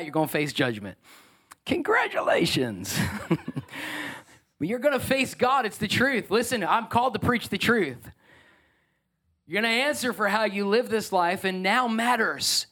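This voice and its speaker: A male pastor in full sermon mode, his voice sitting high and climbing even higher at his emphatic peaks. He drops into playful asides to the congregation between points. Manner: animated, rising to emphatic peaks and joking asides. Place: church sanctuary.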